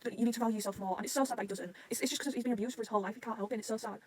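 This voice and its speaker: A woman in a casual fan reaction vlog, gushing and emotional, swearing freely and jumping into excited squeals. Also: a little high, very fast, breathy edge, dry recording. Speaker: manga reaction vlogger.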